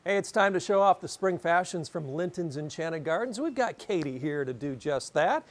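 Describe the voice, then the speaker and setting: A man's voice: on the high side, lively intonation, normal speed. A man hosting a local television segment, reading off products and prices in an upbeat, salesy patter. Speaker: host.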